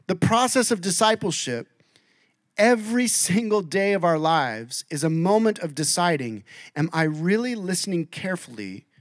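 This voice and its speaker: A man preaching a sermon, acting out quoted voices and swinging between loud and soft. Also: high voice, no room sound, clean studio sound. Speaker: pastor.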